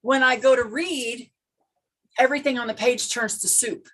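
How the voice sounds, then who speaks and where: A woman's voice: fairly high pitch, steady tone, normal speed, fairly bright tone, rough recording. A woman in casual chat on a video call, telling a personal story earnestly with restarts. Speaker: participant in a craft video call.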